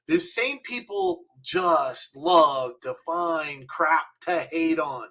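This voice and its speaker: A man's voice: a little high, very animated, slow pace, hardly any pauses, pushed and bright. A man co-hosting a wrestling talk show, laughing often and sounding exasperated at online complainers. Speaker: podcast co-host. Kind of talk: casual chat.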